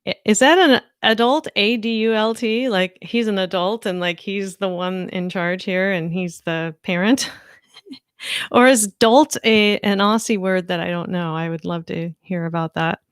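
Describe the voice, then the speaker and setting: Smooth-voiced woman chatting on a livestream. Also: medium pitch, measured pace, no room sound, clean studio sound. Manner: chatty, reads viewer comments aloud, easily amused. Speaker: livestream host. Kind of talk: casual live-stream chat. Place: at home.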